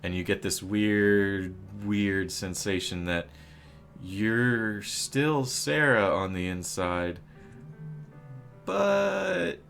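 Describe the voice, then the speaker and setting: A low-voiced man running a tabletop game as game master, speaking slowly and deliberately. He rambles, filling gaps with ums and likes and tossing in silly asides, with faint music underneath. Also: creaky, a bit bright. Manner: rambling, many fillers, jokey asides.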